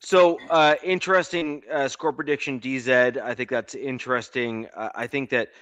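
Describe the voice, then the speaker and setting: A man's voice: mid-range voice, steady tone, normal speed, a bit bright, no room sound. A man from Canada co-hosting a casual sports podcast, opinionated and repeating himself to make a point. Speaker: podcast co-host.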